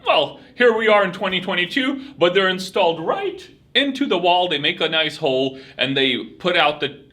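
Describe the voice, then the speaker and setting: A man hosting a vlog, talking casually to the camera in a chatty, animated way and laughing at his own stories. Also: sits high, normal speed. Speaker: vlog host. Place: home region.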